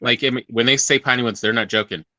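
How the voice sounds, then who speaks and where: A woman co-hosting a podcast, chatting casually and often pausing to search for words. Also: extremely low pitch, steady tone, bright, forceful tone, dry recording. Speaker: podcast co-host. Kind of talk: casual chat.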